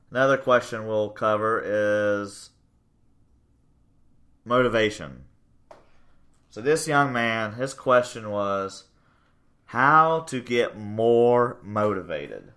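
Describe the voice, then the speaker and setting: Bright, clear-voiced male coach. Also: on the low side, slow, long pauses. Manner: loud and excitable, bursts into yelling. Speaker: podcast host and strength coach. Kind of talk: casual podcast chat.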